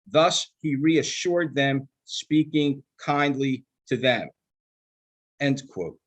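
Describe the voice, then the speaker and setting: An older man giving a sermon in a measured, emphatic manner, slowing down to stress quoted scripture. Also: mid-range voice. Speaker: rabbinical student giving a sermon.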